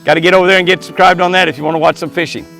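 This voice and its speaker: A man's voice: high voice, fairly even intonation, very fast, gravelly, a bit bright, faint music behind. An older man chatting outdoors by an animal pen at dusk, folksy and chuckling as he talks to the deer. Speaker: ranch vlogger. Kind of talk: casual outdoor vlog narration.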